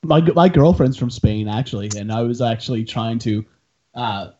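A man's voice: medium pitch, animated, normal speed, mellow, lo-fi sound. A man with a Newfoundland accent chatting eagerly as a podcast guest over a remote line. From Newfoundland, Canada. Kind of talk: casual podcast chat.

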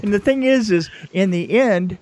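Jokey man with a higher voice, animated storyteller on a casual podcast. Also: normal speed, background noise. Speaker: podcast co-host, film effects veteran.

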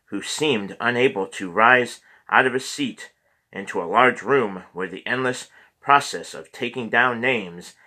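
A man narrates a memoir audiobook at a very slow, measured pace. His voice is fairly low, with a bright, forceful tone. He now and then stumbles and restarts a word.

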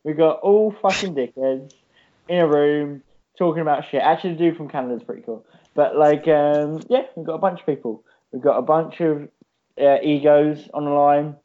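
A man's voice: fairly high pitch, moderate pace. A man co-hosting a casual chat, rambling and swearing a lot, on a dull lo-fi recording. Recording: dull lo-fi sound.

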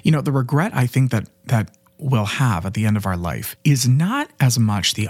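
A man in his late twenties hosts a motivational self-help podcast, speaking with fervent sincerity as he coaches the listener. His voice is slightly husky, and his pitch swings widely as he talks. The recording is close and dry, with no room sound. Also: sing-song, unhurried, hardly any pauses, no room sound. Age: 20s. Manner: earnest and fervent, with frequent "you know" and "right?". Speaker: podcast host and life coach.

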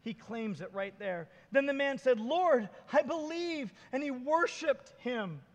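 A man with a very high-pitched voice preaches a sermon and retells scripture scenes with lively, acted-out dialogue. The sound carries a long reverb, as if recorded in a large hall. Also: a little slow, lo-fi sound. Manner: animated storytelling, acting out Bible scenes. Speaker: pastor.

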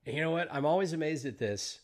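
An American man hosting a podcast, interviewing a guest in a relaxed, conversational way with the odd swear word. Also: fairly high pitch, fairly quick. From United States. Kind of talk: casual interview chat.

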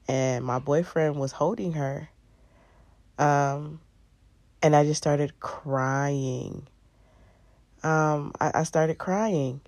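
A woman's voice: sits low, darkish tone, dry recording. A young woman vlogger casually recounting a personal story, full of "um" and "I'm like" asides. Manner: conversational, frequent "um" and "I'm like" quoting.

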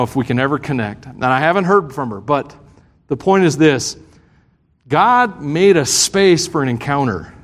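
High-voiced male pastor in a reverberant hall. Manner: storytelling, self-deprecating, chuckles often. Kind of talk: sermon. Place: church sanctuary.

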